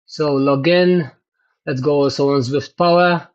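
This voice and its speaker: A man chatting excitedly to his livestream viewers about his cycling race results, exclaiming often. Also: on the high side, unhurried, dull audio. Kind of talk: casual livestream chat.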